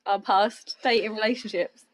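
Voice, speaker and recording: A woman's voice: mid-range voice, steady tone, normal speed. A woman hosting a podcast, chatting reflectively in a rambling way with many restarts. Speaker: podcast host. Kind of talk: casual chat.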